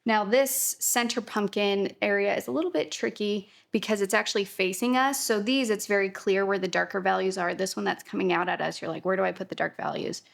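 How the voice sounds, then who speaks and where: A young adult woman leads a casual watercolor painting tutorial in a mid-range voice with vocal fry, talking fairly quickly with hardly any pauses. She's chatty, upbeat, and reassuring, using plenty of fillers like "kinda."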